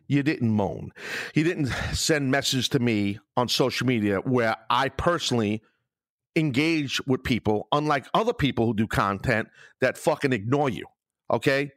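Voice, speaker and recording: A man's voice: medium pitch, a bit bright, no echo, clean studio sound. A man hosting his own podcast alone, ranting with heavy swearing and sarcasm. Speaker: podcast host. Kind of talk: solo podcast rant.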